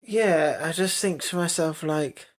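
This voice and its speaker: A man's voice: fairly high pitch, a little slow. A man co-hosting a podcast, chatting casually in a blunt, teasing and playfully stubborn way. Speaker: podcast co-host. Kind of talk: casual chat.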